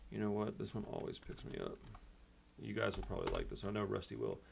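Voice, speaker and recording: A man's voice: on the low side, sing-song, quick pace, creaky, background noise. A man hosting a punk rock channel, upset and venting in a rambling, casual way that is full of "dude" and "bro.".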